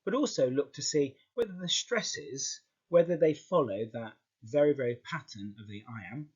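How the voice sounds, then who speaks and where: A man's voice: mid-range voice, expressive, moderate pace, a little mellow, slightly rough. A man teaching English in an explanatory video lesson, often checking in with "okay" as he talks the class through. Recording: muffled lo-fi recording.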